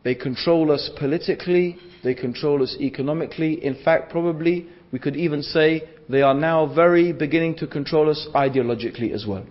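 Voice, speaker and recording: High-voiced man giving a religious lecture. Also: fairly quick, hardly any pauses. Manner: rhetorical, repeats phrases for emphasis. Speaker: Islamic lecturer. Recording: dull lo-fi lecture recording.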